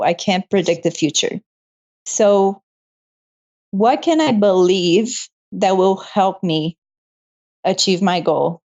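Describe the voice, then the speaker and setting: Young woman guest, laughs a lot, gets emotional, slightly dull lo-fi audio, mid pitch. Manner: emotional, laughs often, animated retelling. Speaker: guest, medical student. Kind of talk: casual interview storytelling.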